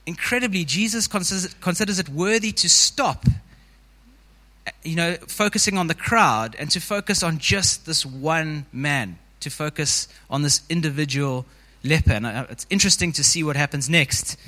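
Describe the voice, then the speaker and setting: Bright-voiced man preaching in a reverberant hall. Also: a little high, moderate pace. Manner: informal, frequent "you know" fillers. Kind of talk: conversational sermon.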